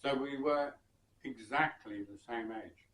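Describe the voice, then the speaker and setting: A man from southern England, a musician and bandleader, tells a personal anecdote in an unhurried, reflective way with soft chuckles and hesitations. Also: medium pitch, slight background noise. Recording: roomy sound from some distance.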